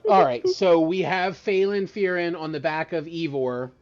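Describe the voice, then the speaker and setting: Excitable man running a tabletop game. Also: a little high, unhurried, faint music behind. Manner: excitable, chatty, lots of fillers. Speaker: dungeon master. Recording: dull lo-fi mic.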